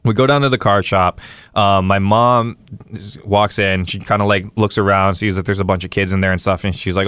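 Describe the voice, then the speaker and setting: A young man from Hawaii telling a story casually as a podcast guest, animated and full of fillers and quoted dialogue. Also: low-pitched, clear, resonant tone, no room sound. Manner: fast, animated, lots of fillers and acted-out quotes. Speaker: guest streamer.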